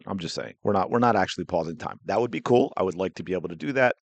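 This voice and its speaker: Gravelly low-voiced man hosting a sports podcast. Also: rapid-fire, no room sound. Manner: chatty, self-interrupting, playful asides. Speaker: podcast host. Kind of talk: casual sports commentary.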